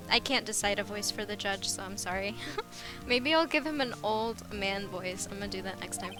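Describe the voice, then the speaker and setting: A woman's voice: medium pitch, moderate pace. Girl streaming a game, reading lines out, kinda stammery, game music playing. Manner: nervous stammering when reading the hero. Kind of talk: reading game dialogue aloud while playing.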